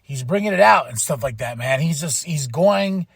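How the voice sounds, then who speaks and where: A man's voice: on the high side, animated, normal speed, vocal fry, breathy edge, no room sound, studio quality. A man hosting a podcast, recapping wrestling in casual, profane chat and mimicking wrestlers as he goes. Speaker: podcast host.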